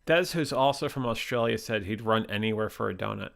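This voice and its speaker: A man's voice: lowish voice, brisk, gravelly. A man hosting a casual livestream chat, joking around and reading out viewer comments. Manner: jokey, reads out viewer comments. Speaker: host.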